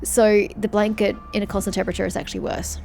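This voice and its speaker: A woman's voice: medium pitch, level tone, fast, vocal fry, a little mellow, faint music behind. A woman streamer giving casual let's-play commentary with chatty, wry asides. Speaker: video game streamer.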